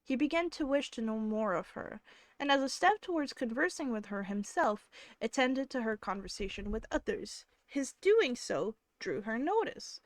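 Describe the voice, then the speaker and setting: A woman's voice: fairly high pitch, moderate pace, no echo. Woman reading a novel aloud on stream. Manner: steady narration with casual asides. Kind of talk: live-stream book reading.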